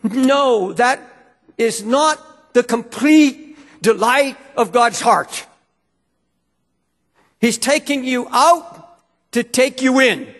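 High-voiced man preaching fervently in reverberant hall. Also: animated, drawn-out words, pauses often, a bit bright. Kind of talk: sermon.

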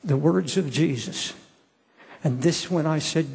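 An older man preaching a sermon and altar call, pleading slowly and repeating his words. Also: a little high, gravelly, a little mellow, breathy edge, long reverb tail.

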